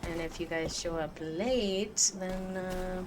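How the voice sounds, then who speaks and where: A woman's voice: fairly low pitch, fairly even intonation, slow. A woman streamer chatting playfully with her viewers while gaming, often giggling. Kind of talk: casual live-stream chat while gaming. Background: game music.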